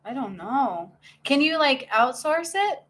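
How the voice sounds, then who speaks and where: A middle-aged woman giving a live-stream spiritual reading, bubbly and excitable, laughing often as she talks. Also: high voice, takes it slowly. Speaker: spiritual medium and healer.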